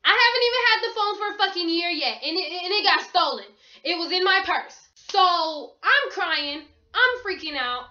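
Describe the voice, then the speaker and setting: A woman's voice: sits high, expressive, a little fast, pushed and bright. A young woman telling a story to camera in a vlog, emphatic and swearing freely. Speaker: vlogger. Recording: roomy, dull lo-fi sound.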